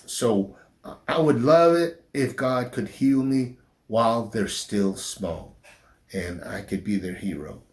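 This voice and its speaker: A middle-aged man with a faint southern drawl talks about his life in a frank interview. He speaks very slowly, pausing and restarting his sentences, at an ordinary pitch. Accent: slight southern drawl since his stroke. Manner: slow, halting speech with restarts after a stroke. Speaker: pastor. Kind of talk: personal interview.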